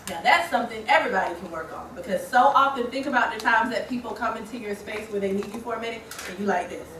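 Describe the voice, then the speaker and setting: A woman's voice: on the high side, fast talker. A woman facilitating a workshop, engaging the group and checking in often as she talks. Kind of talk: interactive training talk. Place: training room. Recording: echoey room, distant mic, faint noise.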